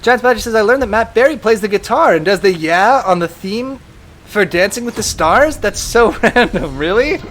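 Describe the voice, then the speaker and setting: A young man streaming a video game, chatting casually and reading viewer messages aloud in an animated way. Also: high voice, normal speed, a little hiss or hum. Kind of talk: casual live-stream chat.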